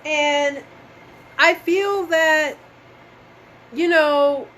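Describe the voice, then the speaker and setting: A woman's voice: sits high, fairly even intonation, extremely slow, a bit bright, poor audio. Casual woman reading tarot live. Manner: casual, swears, talks straight to viewers as y'all. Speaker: tarot reader.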